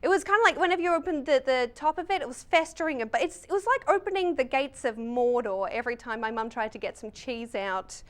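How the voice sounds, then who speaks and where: An Australian woman in her late twenties, a stand-up comedian with a dry, quick, wry way of talking. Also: high voice, lively intonation. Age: late 20s. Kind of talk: stand-up comedy and interview chat.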